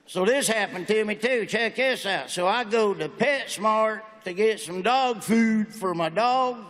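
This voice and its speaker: This stand-up comic, a man with a Southern drawl, trades in folksy punchlines from the stage of a large hall. He speaks in a high, fairly bright voice, a little slowly and with few pauses, picked up by a stage mic amid heavy hall reverb.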